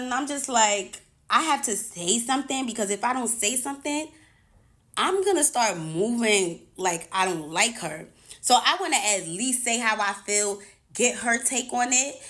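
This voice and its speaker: Young woman, casual storytime vlogger, exasperated and profane, lively retelling. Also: medium pitch. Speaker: touring music artist.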